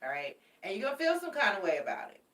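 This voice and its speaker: This tarot reader talks fast and very animatedly in a mid-range, slightly bright voice, calling her viewers babies and repeating her warnings for emphasis. Her casual, affectionate reading is captured in an echoey room with the mic set well back.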